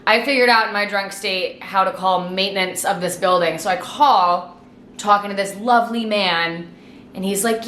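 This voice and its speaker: A young woman in her twenties telling a storytime vlog in a chatty, sweary, animated way, a little tipsy from wine. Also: mid-range voice, moderate pace, reverberant, a little hiss or hum. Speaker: vlogger. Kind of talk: casual storytime monologue.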